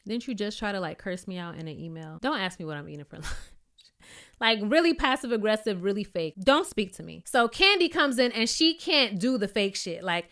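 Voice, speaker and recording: A woman giving a sassy, blunt, casual recap of a reality show, with animated asides. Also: mid-range voice, a little fast, clear, resonant tone.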